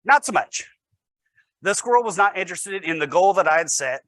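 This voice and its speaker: A man's voice: high-pitched, lively intonation, fast talker, a bit bright, no echo. A man, a teacher, giving a storytelling presentation with wry, self-deprecating humor.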